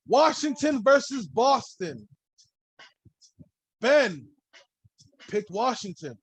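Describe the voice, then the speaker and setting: A man's voice: high voice, husky, dry recording, rough recording. A man hosting a solo sports podcast, talking in a loose, rambling way and swearing freely. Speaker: podcast host.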